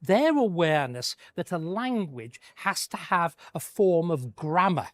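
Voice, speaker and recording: Older man, historian lecturing off the cuff, animated pitch, dry close sound. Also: measured pace, no echo. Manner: emphatic, stresses key words, frequent restarts. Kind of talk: unscripted history talk.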